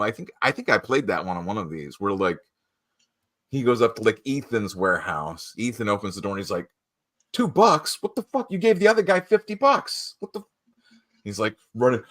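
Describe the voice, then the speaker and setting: Low-voiced man chatting, laughing. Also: pushed and bright. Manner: rambling, laughs often, acts out quoted people. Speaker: podcast host. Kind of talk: casual chat.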